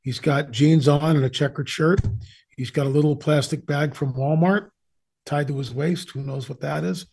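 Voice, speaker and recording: A man's voice: fairly high pitch, steady tone, normal speed, gravelly, a little mellow, slightly rough. An older man, a guest on an interview show, telling stories in a conversational way, rambling a little as he goes. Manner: conversational, with rambling asides and restarts. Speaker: guest, author on the supernatural. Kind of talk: casual storytelling interview.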